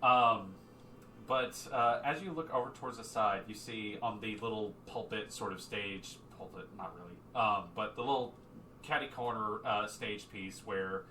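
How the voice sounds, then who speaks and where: A man narrating a tabletop game as game master, relaxed with many fillers. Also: on the low side, normal speed, slight background noise. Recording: echoey room, distant mic.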